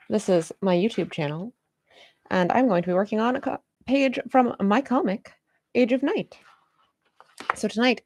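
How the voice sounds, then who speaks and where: A woman comic artist draws during a live stream, chatting casually with viewers and greeting them by name. Her voice is medium-pitched and slightly mellow.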